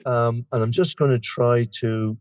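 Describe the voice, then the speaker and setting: A man's voice: medium pitch, steady tone, measured pace, darkish tone, dry recording. An Irish man in his sixties, sharing his recovery story at a meeting in a rambling, self-deprecating way. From Ireland. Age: 60s. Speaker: guest speaker.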